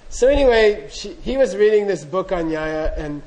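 Casual male dharma teacher, high-ish voice, chatty asides. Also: lively intonation, normal speed, a little mellow, low-quality recording. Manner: chatty, full of "you know" asides, laughing. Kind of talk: storytelling talk.

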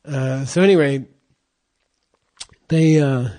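A man who is a Buddhist monk, telling a teaching story casually, rambling and halting with fillers. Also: medium pitch, dark tone.

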